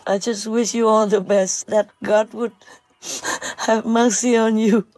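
A woman giving a heartfelt spiritual talk, emotional and halting, choked up, with tearful laughs between words. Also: fairly high pitch, flat delivery, a little mellow, no room sound, low-quality recording.

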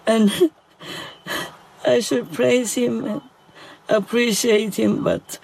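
Woman speaker, unhurried and gravelly, halting and emotional in a spiritual talk. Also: on the high side, steady tone, a little mellow, slight background noise, low-quality recording. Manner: halting, with many fillers and repeats.

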